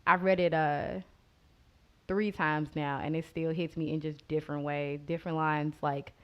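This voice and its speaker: A woman from Oklahoma, a show guest with a loud, animated storytelling manner. Her voice sits slightly low. She moves between a heartfelt reading and rowdy comic tales. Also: moderate pace, dull audio. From Boley, Oklahoma.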